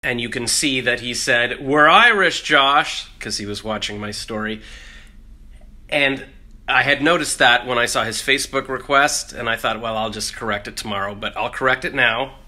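A man's voice: medium pitch, steady tone, normal speed, bright, forceful tone. A man rambling through a jokey, self-deprecating casual vlog. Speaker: vlogger.

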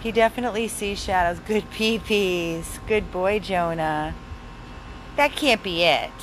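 At home at night, a woman who rescues dogs films one-handed on her phone, cooing sing-song baby talk to her dogs and chatting casually with viewers. Her voice sits at medium pitch and moves a little slowly, with a faint hiss or hum in the recording.

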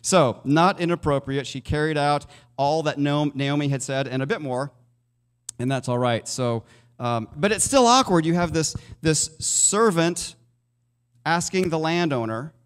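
His voice smooth and on the high side, a pastor moves at a measured pace through a sermon in a church sanctuary. He keeps it conversational, questioning the congregation, while a long reverb lingers after each phrase.

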